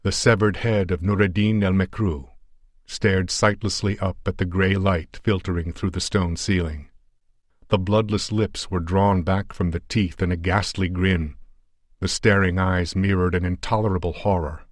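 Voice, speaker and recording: A man narrating a pulp adventure story in a measured, dramatic audiobook reading on a close mic. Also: low-pitched, steady tone, dry recording.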